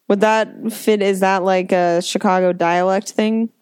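A woman co-hosting a casual podcast who talks excitably, swears freely and laughs often. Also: medium pitch, unhurried, clean tone, dry recording, clean studio sound. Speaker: podcast co-host. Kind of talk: casual chat.

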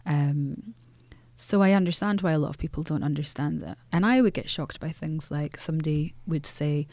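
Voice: mid-range voice, moderate pace, a little mellow, no echo. An author speaking earnestly in an interview, often restarting phrases and using fillers. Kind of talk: reflective interview talk.

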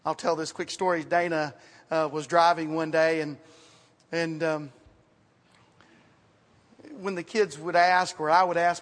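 High-voiced preacher in a reverberant hall. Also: male voice, fairly even intonation, measured pace, long pauses. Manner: conversational preaching with repeated words and sudden drops to quiet asides. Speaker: pastor. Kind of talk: sermon. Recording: reverberant hall, sometimes off mic.

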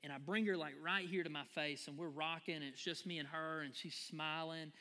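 A man preaches to his congregation in a lively, folksy way. His voice sits high and bright, and it carries with a long reverb through a large church hall. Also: a little fast. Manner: animated, folksy, addresses the crowd as y'all. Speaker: pastor. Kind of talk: sermon with personal story.

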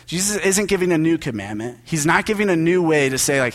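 A man's voice: a little high, animated, a little fast, hardly any pauses. A young man preaching a sermon in a conversational, joking storytelling manner. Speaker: pastor.

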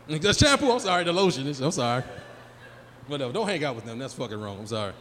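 A man's voice: medium pitch, sing-song, fast, fairly bright tone. A man in his forties doing live stand-up comedy in a small venue, bantering loosely and profanely with the crowd. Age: 40s. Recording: live room with long reverb, faint noise.

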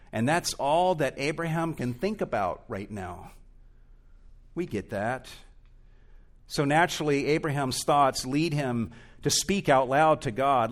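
A male pastor preaching an expository sermon in a church, earnest and emphatic, rising and falling in intensity. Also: medium pitch.

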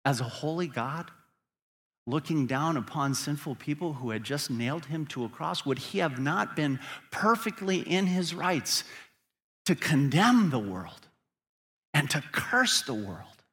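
A man's voice: fairly high pitch, expressive, measured pace, a bit bright. A man preaching a sermon as pastor, earnest and building to emphatic peaks.

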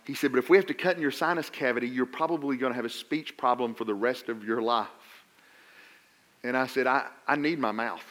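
A middle-aged pastor preaches a sermon, telling a personal story with stammered restarts before building to loud, emphatic appeals. He speaks a little fast in a mid-range voice.

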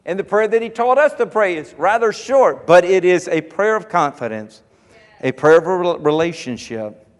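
A man preaches with a notably high voice, driving his points home through repetition and building to fervent calls. The sound carries a long reverb, as if recorded in a church hall. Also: expressive, moderate pace. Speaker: pastor. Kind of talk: sermon.

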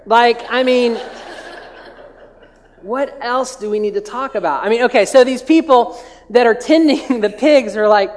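A man's voice: extremely high pitch, normal speed. A man preaching as a pastor, retelling a scripture story in a chatty, humorous way with lots of filler words and restarts. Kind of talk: casual humorous sermon storytelling. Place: large church hall. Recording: long hall reverb.

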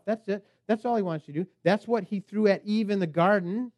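A man's voice: high-pitched, a little fast, darkish tone, dry recording, lo-fi sound. A man preaching a sermon as pastor, emphatic and preacherly, at times speaking the tempter's lines.

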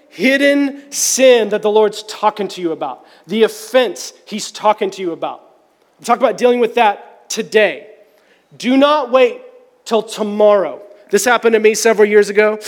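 A man's voice: high voice, long reverb tail. A man preaching a sermon, telling a personal story in a candid, conversational, self-deprecating way. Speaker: pastor.

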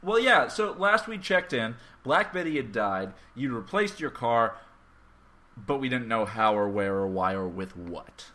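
A man's voice: medium pitch, expressive, measured pace, sharp tone. A young man hosting a casual comedy podcast, joking and self-mocking, with the odd stutter. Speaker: podcast host.

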